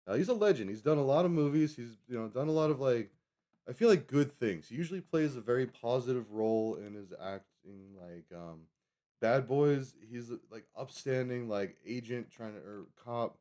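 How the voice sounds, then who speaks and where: On a casual live stream, a man in his thirties rambles through various topics, correcting himself as he goes. He has a mid-range, dark-toned voice with lively intonation at normal speed.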